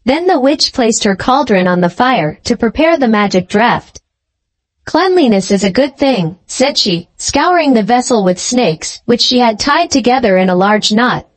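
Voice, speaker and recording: Woman reading a fairy tale, steady and clear, kinda high voice. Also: normal speed, hardly any pauses. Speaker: storyteller. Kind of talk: scripted storybook narration for English learners.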